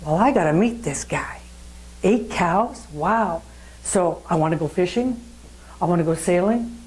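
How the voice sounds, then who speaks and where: Eager traveler, chatty and surprised, mellow low voice; played by a woman. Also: unhurried, close to an everyday voice, poor audio. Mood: curious.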